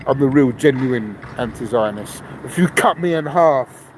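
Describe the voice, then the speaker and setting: A man with a Cockney accent from London, ranting loudly and aggressively, swearing and firing off repeated rhetorical questions into a camera. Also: mid-range voice, animated, a little slow, a little hiss or hum, low-quality recording. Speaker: vlogger. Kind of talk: angry ranting monologue. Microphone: handheld camera.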